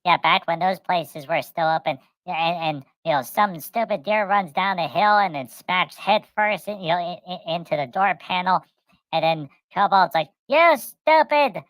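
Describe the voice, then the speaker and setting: A middle-aged woman co-hosting a casual chat, telling rambling, animated stories and acting out the voices in them. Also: fairly low pitch, normal speed, no echo, rough recording. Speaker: co-host.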